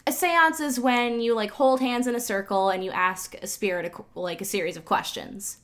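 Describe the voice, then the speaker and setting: A woman's voice: fairly high pitch, steady tone, moderate pace, fairly bright tone. Podcast guest, woman, chatty storyteller, loose and filler-heavy. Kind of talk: casual storytelling.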